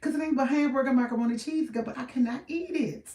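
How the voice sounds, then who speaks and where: A woman's voice: high-pitched, fast talker, a little mellow, recorded from a distance. A middle-aged woman, chatting casually and rambling with viewers on a livestream, laughing often. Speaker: livestream host. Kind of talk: casual live chat with viewers. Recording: roomy sound from off-mic.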